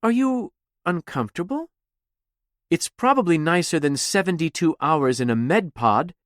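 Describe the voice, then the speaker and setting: Sharp, mocking female interrogator, voiced by a male reader; lifted pitch. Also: lively intonation, moderate pace, dry recording, clean studio sound. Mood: taunting. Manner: taunting, theatrical, demanding. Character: cold, needling woman officer interrogating.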